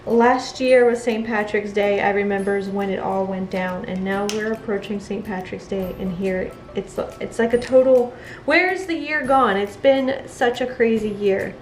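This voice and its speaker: A woman's voice: medium pitch, normal speed, echoey room, faint music behind, low-quality recording. A woman chatting casually while making soap, laughing often as she talks. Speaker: soap maker. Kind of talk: casual crafting narration.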